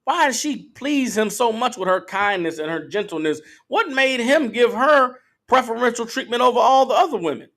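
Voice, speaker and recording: A man's voice: very high-pitched, expressive, moderate pace, few pauses, fairly bright tone. A man teaching scripture, emphatic and profane, checking in with his listeners. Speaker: Bible teacher. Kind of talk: call-and-response scripture teaching.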